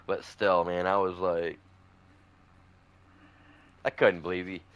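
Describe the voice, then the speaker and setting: Over a farming game, a man with a low, steady voice takes his time telling a long, rambling story, restarting often and leaning on fillers. It's casual gameplay chat from a streamer, captured with lo-fi sound.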